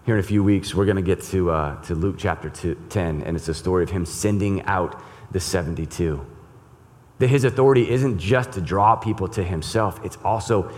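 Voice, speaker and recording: A man preaching with a low, deep voice, earnest and emphatic, often doubling back on a word as he builds his point. A long reverb hangs after each phrase, as in a large church sanctuary. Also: normal speed. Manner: earnest, emphatic, repeats words. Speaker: pastor. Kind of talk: sermon with scripture reading.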